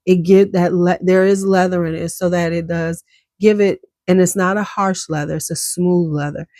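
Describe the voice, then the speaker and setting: A woman's voice: fairly low pitch, steady tone, normal speed, mellow, no echo, clean studio sound. A woman giving a casual, enthusiastic perfume review, chatty and full of slang, coughing now and then. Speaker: beauty vlogger.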